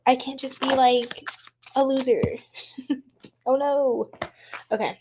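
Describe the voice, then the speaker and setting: A young woman hosting a casual tarot-reading livestream, chatty and quick to laugh, talking straight to her chat. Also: sits high, steady tone, dark tone, a little hiss or hum. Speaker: tarot reader, livestream host.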